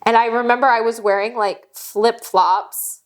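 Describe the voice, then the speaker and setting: A woman's voice: on the high side, steady tone, unhurried. A woman co-hosting a podcast, telling stories in casual chat, candid and profane, often laughing as she talks. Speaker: podcast co-host.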